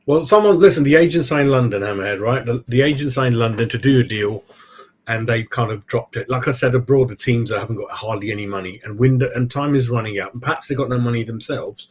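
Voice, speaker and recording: Casual male fan-channel host with a mid-pitched voice, chatty and rambling, always saying "mate.". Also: fast talker, husky. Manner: rambling, replies to viewers mid-stream. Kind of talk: casual live-stream chat.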